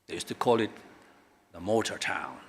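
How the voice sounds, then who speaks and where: Brief: middle-aged man, government speaker, emphatic keynote delivery with dramatic pauses. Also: animated, slightly rough. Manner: emphatic orator, big swings in pitch and loudness, dramatic pauses. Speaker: government official giving a keynote. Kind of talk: public speech at a corporate launch.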